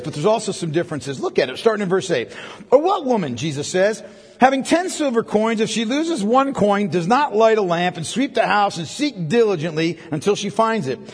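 Husky high-voiced pastor preaching. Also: male voice. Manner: conversational preaching with frequent tag questions. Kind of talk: sermon. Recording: long hall reverb.

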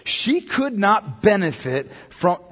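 A man's voice: high voice, sing-song, slow pace, fairly bright tone, breathy edge, in a large hall. A pastor preaching a sermon, driving his points home through repetition and rhetorical questions.

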